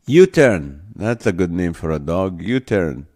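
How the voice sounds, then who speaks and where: A man's voice: deep voice, very animated, measured pace, warm tone. A man hosting a live stream, reading out viewer comments in a playful, easygoing way and laughing often. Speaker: livestream host. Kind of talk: casual live-stream chat. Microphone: phone or camera mic.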